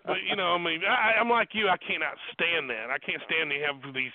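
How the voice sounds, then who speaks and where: A man with a Southern accent, a wrestling manager telling boastful stories in an animated way, full of restarts. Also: on the high side, brisk. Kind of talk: storytelling on a podcast. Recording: tinny phone line.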